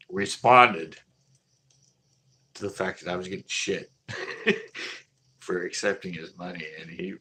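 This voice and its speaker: A man with a fairly low, gravelly voice tells a story live and off the cuff. He runs a local store and talks casually, rambling and swearing, often stopping and restarting mid-sentence. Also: a bit bright. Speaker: local fish store owner.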